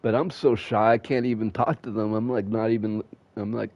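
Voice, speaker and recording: A man streams a game while telling rambling, profane stories and laughing at them himself. His voice is lowish and darkish with fairly even intonation, and he talks fairly quickly. The dull, dry home mic picks up no room sound.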